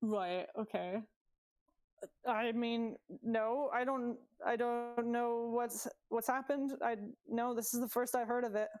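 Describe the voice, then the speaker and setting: A woman's voice: a little high, steady tone, slow pace, darkish tone, clear, resonant tone. A woman playing a tabletop game who reacts and talks casually. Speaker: player.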